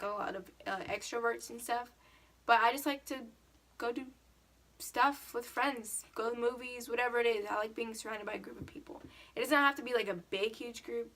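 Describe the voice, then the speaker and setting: A teenage girl talks through a casual question-and-answer vlog, rambling into stories with plenty of "like". Her voice is bright and a little high, with a lively edge. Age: teens. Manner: chatty storytelling, lots of "like". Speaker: vlogger.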